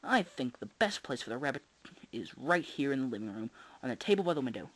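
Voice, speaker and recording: A young man reading aloud, voicing a calm father who settles a family argument. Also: medium pitch, fast. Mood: reasonable.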